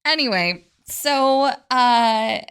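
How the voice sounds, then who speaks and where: A woman's voice: on the high side, expressive, very slow, a bit bright, smooth. A woman hosting a book club podcast, recapping a novel in a chatty way and using lots of filler words. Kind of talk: casual chat, recapping a novel.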